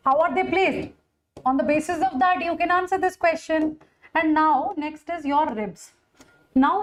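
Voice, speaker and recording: A high-pitched woman with an Indian English accent lectures on biology. She repeats each key point, and checks in with her students often. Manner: addresses students with Hindi endearment "bache". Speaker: biology teacher. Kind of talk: online exam-prep lecture.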